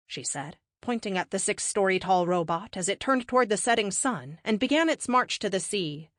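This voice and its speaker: A woman reading a science fiction audiobook in an expressive, measured narration, close to the mic. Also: mid-range voice, dry recording. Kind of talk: scripted narration.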